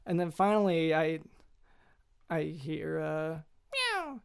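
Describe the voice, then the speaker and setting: A man hosting a podcast, telling a deadpan comic story in a halting, hesitant way with many restarts. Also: a little high, vocal fry, clean tone. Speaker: podcast host.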